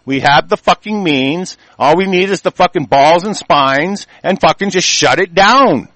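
A man in a furious, swearing rant, his voice sitting a little high for a man. The sound is dry and close, with no room echo. He keeps breaking into louder, heated bursts. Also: moderate pace. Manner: heated, profane, shouting bursts. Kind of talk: angry political rant.

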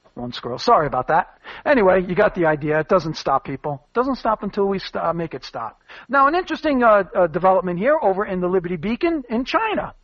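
A man's voice: high-pitched, sing-song, fast, no echo, lo-fi sound. A man hosting a commentary show, rambling and emphatic with many fillers. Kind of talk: casual spoken commentary.

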